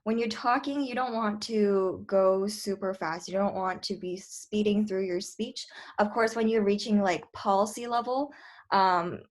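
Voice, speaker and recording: Young woman, debate coach, casual lecture, chatty, lots of fillers, mid-pitched voice. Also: fairly even intonation, measured pace.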